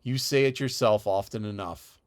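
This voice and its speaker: A man's voice: fairly low pitch, lightly acted. A man voicing a stern middle-aged woman guardian in an audiobook, speaking dryly and with severity. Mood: scolding. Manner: dry, severe, measured. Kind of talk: audiobook character voice.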